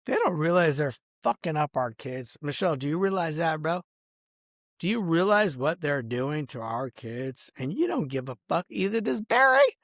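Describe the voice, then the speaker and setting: Ranting man, swinging wildly in pitch. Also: very animated, moderate pace, fairly bright tone, dry recording, clean studio sound. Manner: peppers every line with "bro" and "dog"; angry, boastful and rambling. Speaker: vlogger. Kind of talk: rambling monologue rant.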